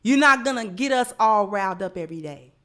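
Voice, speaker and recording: A woman's voice: medium pitch, lively intonation, brisk, pushed and bright. A woman giving livestream commentary, lecturing through repeated rhetorical questions. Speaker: online commentator.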